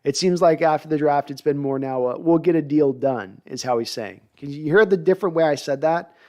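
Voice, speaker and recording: A podcast host with a fairly high, slightly mellow voice talks a little fast while hosting a live sports talk show. He reads viewer comments and analyzes players, thinking aloud conversationally.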